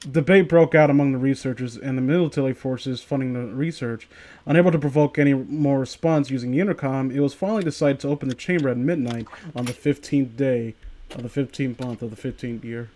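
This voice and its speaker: A man casually reads a horror tale to his friends, tripping over words, starting over, and pausing frequently for jokes and laughter. He has a warm, mid-range voice, speaks slightly quickly, and there's a bit of background noise.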